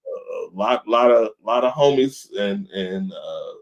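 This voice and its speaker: A man's voice: on the low side, lively intonation, slow pace, vocal fry, dull audio. A man in his thirties, co-hosting a podcast in casual chat, telling laid-back stories and acting out quotes. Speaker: podcast co-host. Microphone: video call.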